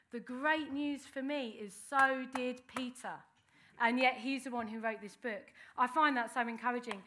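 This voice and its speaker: Bright-voiced woman preaching a sermon. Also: sits high. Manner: earnest, conversational preaching with frequent restarts.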